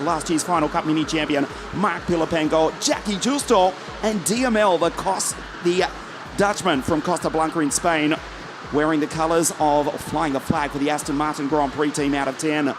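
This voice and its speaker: A man's voice: a little high, normal speed, background noise. A man commentating live on a karting race from the commentary box, reeling off drivers and teams and joking with his co-commentator. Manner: lively, joking banter between race calls.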